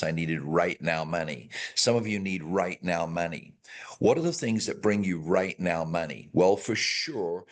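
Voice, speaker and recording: A man coaching a real estate team in a training session, emphatic and motivational, repeating key phrases again and again. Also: deep voice.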